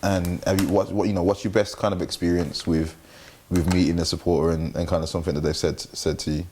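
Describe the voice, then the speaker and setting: A young man, hosting a casual interview, asking relaxed, rambling questions with restarts. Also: deep voice, fast, a little hiss or hum. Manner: relaxed, loose questions full of restarts and fillers.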